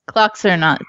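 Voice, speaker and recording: A woman's voice: sharp tone, no room sound. A woman co-hosting a podcast in casual chat, talkative, laughing often and swearing freely. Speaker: podcast co-host. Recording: slightly dull lo-fi audio.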